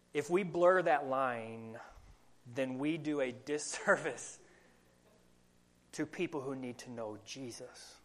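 Speaking at a medium pitch, a young adult pastor with an American Southern country accent delivers a sermon. He preaches earnestly, asking the congregation questions.

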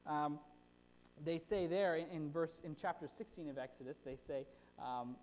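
A chatty preacher giving a casual sermon, animated and full of rhetorical check-ins, at a middle pitch. The voice rings with a long hall reverb. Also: normal speed, slight background noise.

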